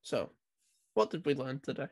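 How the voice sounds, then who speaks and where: A man's voice: medium pitch, expressive, normal speed, vocal fry, dry recording, studio quality. A young man co-hosting a podcast, talking in an awkward, giggly, rambling way in casual chat. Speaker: co-host. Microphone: desk mic that crackles.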